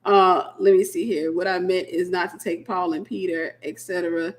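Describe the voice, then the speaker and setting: A woman minister hosting a casual late-night livestream, a sleepy, animated storyteller. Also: on the low side, moderate pace, echoey room. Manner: animated storyteller who acts out quoted voices.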